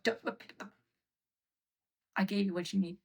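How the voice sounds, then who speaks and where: A woman chatting casually on a livestream from her home workspace, rambling and scolding her pets with soft muttered asides. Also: mid-range voice, flat delivery, a little slow.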